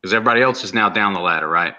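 A man's voice: lowish voice, rapid-fire, sharp tone. A man playing a tabletop game over an online call, hesitant and full of fillers. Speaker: player.

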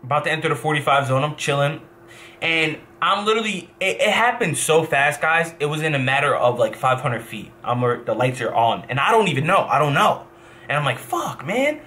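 A young man from New Jersey, a professional gamer, telling a rambling, animated story in a casual vlog and swearing as he backtracks. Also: on the high side, fairly quick, slight background noise.

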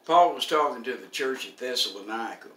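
A man's voice: medium pitch, lively intonation, fairly quick, bright, forceful tone, echoey room, far from the mic. An older man preaching a sermon in a folksy, humorous way.

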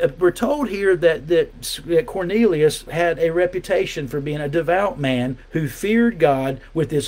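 A man's voice: fairly high pitch, a little mellow. A man preaching a sermon as pastor in a conversational way, with frequent restarts and rising emphasis on key points. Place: church.

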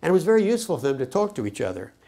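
An older man recounting his peace work in a lively storytelling manner, acting out the voices of the people he quotes. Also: fairly high pitch, racing. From United States. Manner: animated storyteller, acts out quoted speech. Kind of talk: personal storytelling to camera.

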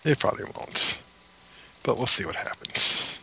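A man's voice: unhurried, bright, forceful tone, a little hiss or hum, poor audio. A man playing a game with friends in casual chat, easygoing and prompting the others along. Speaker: player.

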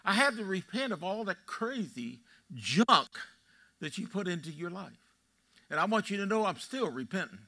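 Speaking at a moderate pace, the eighty-something Texan pastor uses a high, sharp-toned voice with big swings in pitch. He stands in a church sanctuary, spinning folksy stories through his sermon and quizzing the congregation.

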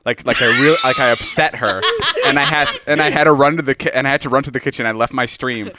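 A man co-hosting a podcast in casual chat, teasing his guest with quick reactions and crude banter. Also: mid-range voice, steady tone, very noisy. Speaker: podcast co-host.

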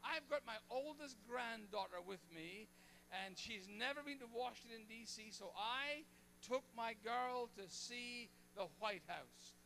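Older preacher with a high, gravelly voice. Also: male voice, expressive, a little slow, pushed and bright, a little hiss or hum. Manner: joking, folksy storytelling. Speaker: pastor. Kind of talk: sermon. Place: church.

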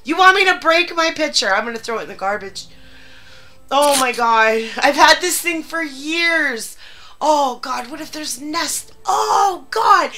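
A woman's voice: sits high, expressive, unhurried, bright, forceful tone. A woman streaming live, panicking, swearing and laughing in fits.

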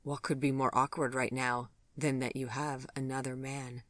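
Tender, refined gentleman, read by the narrator, soft and courtly, mid-pitched and dry. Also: level tone, normal speed, dry recording, lightly acted. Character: gentle, refined older gentleman who loves elegance.

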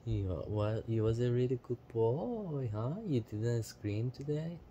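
A man coaxing his pet cockatoo in sing-song baby talk, asking the same gentle questions over and over. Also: mid-range voice, slow, lo-fi sound, slight background noise. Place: home with a pet bird.

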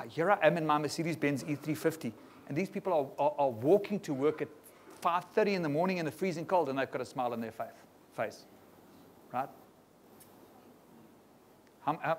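A man preaching a sermon to a congregation in a lively style, often tagging on quick questions to the room. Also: fairly high pitch, slight background noise. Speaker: pastor. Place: church hall before a congregation.

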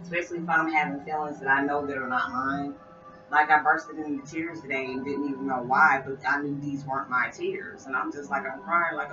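A woman's voice: low voice, steady tone, fairly quick. A woman talking casually to her viewers in a spiritual vlog, rambling and repeating phrases as she addresses them directly. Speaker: spiritual vlogger. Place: at home, listening to music. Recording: roomy, distant, dull sound with music. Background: music playing.

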